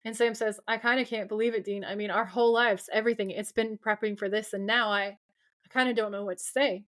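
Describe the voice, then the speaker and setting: A woman's voice: mid-range voice, steady tone, brisk, fairly bright tone. A young adult woman co-hosting a podcast, effusively retelling TV scenes by quoting the dialogue. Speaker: podcast co-host. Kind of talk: casual recap chat.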